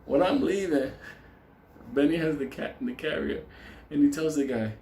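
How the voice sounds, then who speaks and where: A man telling a profane story, laughing often and talking with animated energy. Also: a little high, normal speed, gravelly, slight background noise. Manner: laughing, animated, heavy swearing. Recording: echoey room with faint ambience.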